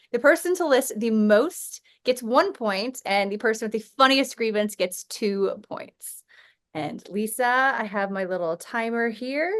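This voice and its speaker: Playful higher-voiced woman podcast host. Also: fairly bright tone. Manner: playful, teasing, quick to laugh. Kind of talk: casual comedy podcast chat.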